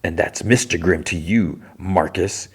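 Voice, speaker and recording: A man doing a quiet, menacing biker. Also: low voice, measured pace, husky, exaggerated voice. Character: menacing grim male biker.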